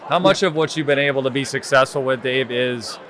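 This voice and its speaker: A man's voice: mid-range voice, fairly quick, fairly bright tone. A man hosting a casual interview, asking questions and giving brief encouraging replies. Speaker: podcast host.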